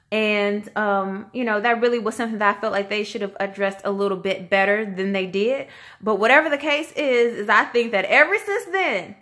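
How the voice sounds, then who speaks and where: A woman vlogger giving a casual, chatty review, animated and slangy, acting out quotes in shifting voices. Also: on the high side. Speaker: vlogger reviewing a reality show.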